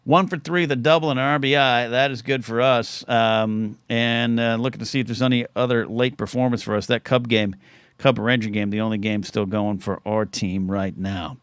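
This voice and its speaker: A man's voice: mid-range voice, steady tone, normal speed, smooth, no room sound. Rambling man hosting a live show. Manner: rambling, self-interrupting. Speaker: talk show host. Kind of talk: casual livestream chat.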